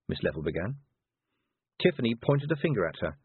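Husky, lively male storybook narrator. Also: fairly low pitch, fairly quick, no room sound. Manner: lively, expressive reading with voiced characters. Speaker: audiobook narrator. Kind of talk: storybook reading. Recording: dry, tinny phone-like sound.

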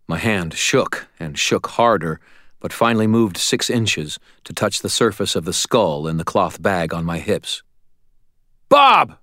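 A man narrating a first-person audiobook in a steady, dramatic way, recorded close on a studio mic. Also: deep voice, measured pace, no room sound.

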